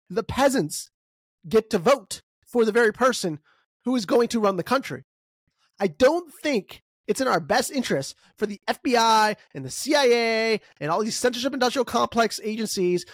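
Emphatic ranting podcast host, dry sound. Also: no room sound. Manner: emphatic, ranting, rhetorical questions; wide pitch swings, bursts of speed. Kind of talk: opinionated podcast monologue.

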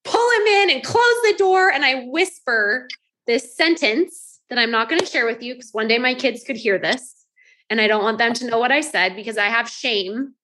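A woman in her thirties coaching a group, telling lively stories and acting out her own thoughts. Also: a little high, moderate pace. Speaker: life coach.

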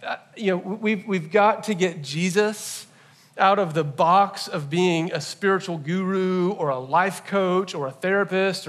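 A man preaching a sermon in a relaxed, conversational way, raising his voice to stress his points. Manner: rises in pitch and volume to stress points. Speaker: pastor. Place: church.

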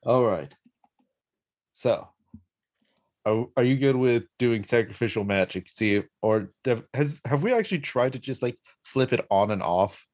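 A man's voice: medium pitch, lively intonation, measured pace, a little mellow. A man playing in a tabletop role-playing game, laid-back and slangy, swearing casually. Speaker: player.

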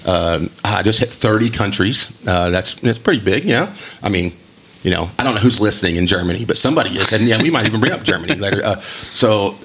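A man's voice: on the low side, a little fast, fairly bright tone, slight background noise. A man with a West Texas accent hosting a casual podcast, rambling and friendly, with lots of fillers. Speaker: podcast host.

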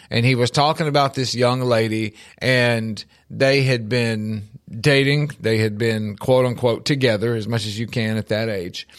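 A middle-aged man co-hosting a casual talk show about faith and life, telling stories with lively emphasis and often repeating words as he starts a sentence. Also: medium pitch. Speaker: podcast co-host.

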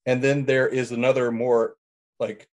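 A man at a tabletop game, talking casually and tripping over his starts as he works out what he means. His pitch sits in the ordinary middle range. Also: little pitch movement. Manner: halting, stops and restarts mid-thought. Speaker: player.

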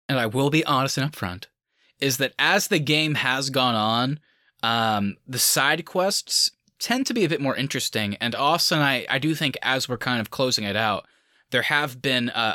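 A man's voice: medium pitch, pushed and bright, no echo, studio quality. A man co-hosting a gaming podcast in casual chat, laid-back, with lots of fillers and laughs. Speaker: podcast co-host.

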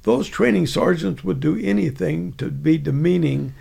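Older man, very gravelly, husky voice, rambling storyteller, chuckling. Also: fairly high pitch, normal speed, warm tone. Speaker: veteran storyteller. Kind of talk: casual spoken anecdote.

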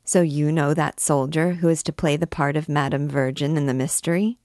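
A woman's voice: sits low, steady tone, moderate pace, darkish tone, no echo, clean studio sound, natural voice. A woman voicing a bold young woman in her Sunday finery, who talks in a hasty, pert, slightly bossy way.

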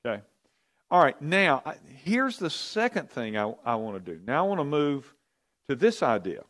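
A man's voice: fairly high pitch, sing-song, moderate pace, fairly bright tone. A man leading an interactive church teaching, conversational, asking the audience questions and often repeating himself. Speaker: pastor or Bible teacher.

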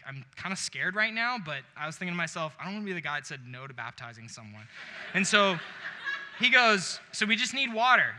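A man's voice: high voice, pushed and bright. A young man preaching a sermon, telling a story with acted-out quotes and laughing along. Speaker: pastor. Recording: long hall reverb.

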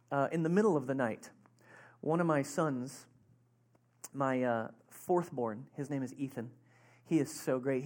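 A pastor preaching a sermon in a relaxed, conversational way, rambling into stories and laughing along. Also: medium pitch.

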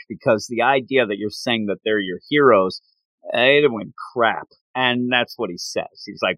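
A man hosting a casual chat recapping an anime, talking in a rambling, animated way and laughing often. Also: fairly low pitch, normal speed, no room sound, rough recording.

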